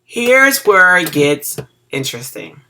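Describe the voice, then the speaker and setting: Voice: mid-range voice, sing-song, slow, sharp tone. A web design teacher giving a casual screen-recorded coding lesson. The teacher is groggy from cough medicine, stumbles over words and keeps checking in with "okay?".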